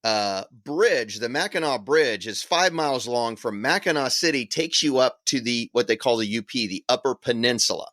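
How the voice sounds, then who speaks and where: Male podcast co-host, medium pitch, bright tone, casual explainer, dry recording. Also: expressive, normal speed, hardly any pauses, no echo. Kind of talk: casual chat.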